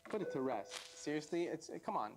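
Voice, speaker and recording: A man's voice: on the high side, big pitch swings, fairly quick, noisy background, pitched below the performer's own voice. A man voicing a boastful, swaggering talking tongue in a comic story. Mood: dismissive. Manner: swaggering, teasing.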